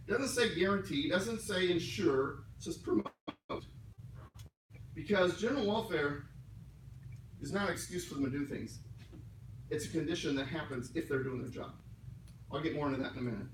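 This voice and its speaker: A man lectures a class in a conversational way, breaking ideas down word by word and tossing in joking asides. His voice sits a little high. The sound is roomy and distant, with faint hiss underneath. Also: normal speed, long pauses. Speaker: class instructor. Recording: echoey room miked from afar.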